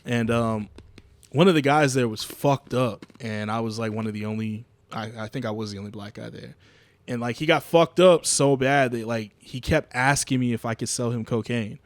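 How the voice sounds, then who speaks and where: A man's voice: medium pitch, moderate pace, no room sound. A man co-hosting a podcast, telling stories in casual, emphatic, profane chat. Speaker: podcast co-host.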